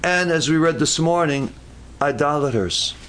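A man's voice: a little high, measured pace, fairly bright tone, slight background noise. A man preaching a sermon, retelling a story with jokey asides and stumbling restarts.

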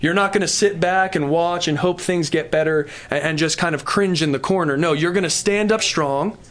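A man's voice: on the high side, moderate pace, fairly bright tone. A man preaching a sermon in a church service, emphatic and building to exhortation before moving into prayer. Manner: slips into prayer. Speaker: pastor.

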